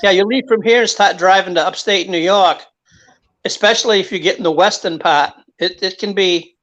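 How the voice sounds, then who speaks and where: A man chatting on a live stream, halting and self-deprecating. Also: high-pitched, a bit bright, highs cut off. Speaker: guest. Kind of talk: casual live-stream chat.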